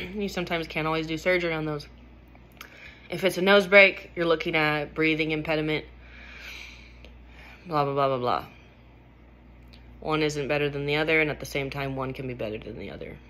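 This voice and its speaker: A woman's voice: low-pitched, steady tone, moderate pace, long pauses, a bit bright, a little hiss or hum. A woman vlogger telling a personal story in a candid, emphatic way, swearing freely.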